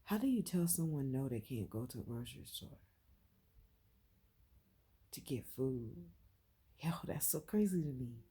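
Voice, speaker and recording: Low husky woman talking from the heart. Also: animated, a little slow, long pauses. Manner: heartfelt, swings from quiet to loud and emphatic, repeats phrases. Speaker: vlogger. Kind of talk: emotional personal vlog.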